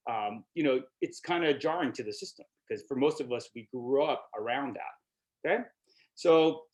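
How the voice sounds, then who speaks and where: Chatty middle-aged man presenting online. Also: fairly high pitch. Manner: conversational, peppers speech with "you know" and "right?". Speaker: workshop presenter.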